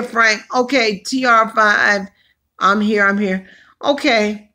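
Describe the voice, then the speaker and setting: A woman hosting a casual livestream, chatty and hoarse from allergies, exclaiming and calling out to her viewers. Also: mid-range voice, steady tone, takes it slowly, sharp tone. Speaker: livestream host.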